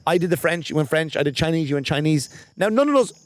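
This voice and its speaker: A man's voice: on the high side, lively intonation, fast talker, no echo. A man, a stand-up comedian co-hosting a casual comedy podcast, talking in a rambling, joking way with lots of restarts and swearing.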